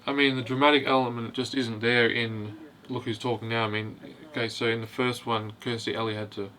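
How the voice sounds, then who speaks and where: A man's voice: medium pitch, flat delivery, fairly quick, bright, forceful tone. A man casually reviewing a film, hesitant and rambling, with constant "you know" fillers. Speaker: host of a film review video.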